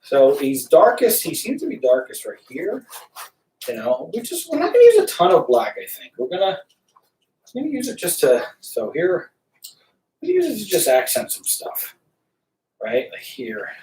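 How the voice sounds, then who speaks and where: A man painting on a live stream talks in a lively, up-and-down voice and rambles as he thinks aloud. He stands back from the mic, and his voice fills a roomy space. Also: fairly high pitch, normal speed, recorded from a distance. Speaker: painter livestreaming. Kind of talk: casual live-stream chat while painting.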